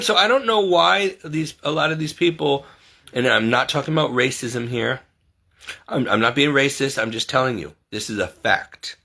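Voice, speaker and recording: A man with a bright, forceful voice speaks off the cuff in a heated monologue. He presses his points hard and keeps asking rhetorical questions, sometimes slipping into other people's voices to mimic them. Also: medium pitch. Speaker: online commentary host. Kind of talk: unscripted monologue to camera.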